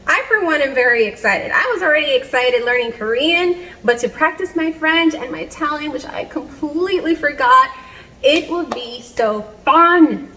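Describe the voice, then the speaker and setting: Brief: woman in her 30s, home vlogger, upbeat, chatty, slightly high voice, handheld camera. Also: bright, forceful tone, rough recording. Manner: chatty, upbeat, laughs often. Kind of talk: casual home vlog. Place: home kitchen.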